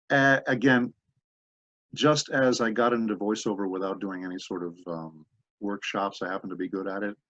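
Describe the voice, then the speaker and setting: Guy with a low husky voice, rambling stories w asides, dry dull lo-fi audio. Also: a bit bright, no room sound. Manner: rambling anecdotal storytelling with asides. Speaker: voice actor guest. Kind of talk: interview conversation.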